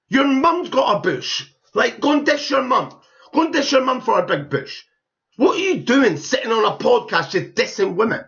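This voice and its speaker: Gravelly high-voiced man ranting. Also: a bit bright, lo-fi sound. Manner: blunt, scornful, swears heavily. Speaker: YouTube commentator. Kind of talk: profane reaction commentary.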